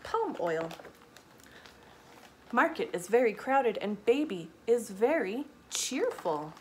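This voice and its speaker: A children's librarian reading a picture book aloud, animated, with gasps, whispered asides, questions to the children and Spanish words. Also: female voice, on the high side, slow pace, a little hiss or hum. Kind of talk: storytime read-aloud for kids.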